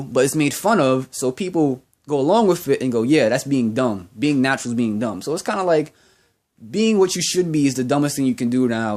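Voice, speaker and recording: Young man, vlog rant, profane, repetitive, slightly high voice. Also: darkish tone. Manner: profane, heated, repeats himself. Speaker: vlogger. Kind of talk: ranting monologue.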